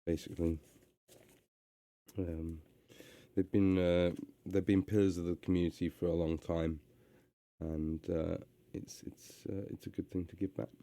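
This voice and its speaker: A man reading a story aloud and chatting on a live stream, relaxed with many hesitations. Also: deep voice, measured pace.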